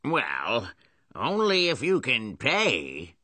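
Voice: medium pitch, huge pitch swings, drawn-out words, pushed and bright, dry recording, full character voice. A performer voicing a blunt, money-minded male restaurant owner in a storybook. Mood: brusque. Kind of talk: storybook voice acting.

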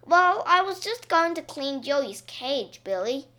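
A gentle, loving old grandmother from a children's storybook, read by a woman. Her voice is high and bright, and she talks slowly, with plenty of rise and fall. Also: sing-song, exaggerated voice.

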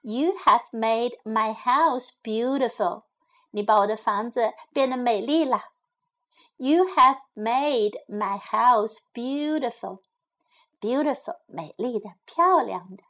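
A woman teaching English phrases to children, repeating each one slowly and explaining it in Chinese. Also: a little high, a bit bright. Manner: slow, repeats phrases for learners. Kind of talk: bilingual English lesson.

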